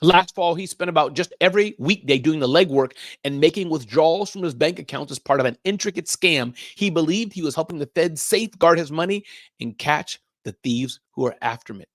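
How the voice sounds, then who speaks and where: A man's voice: fairly high pitch, animated, brisk, no room sound, clean studio sound. A middle-aged man hosting a live business show, riffing energetically and giving emphatic warnings. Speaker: show host.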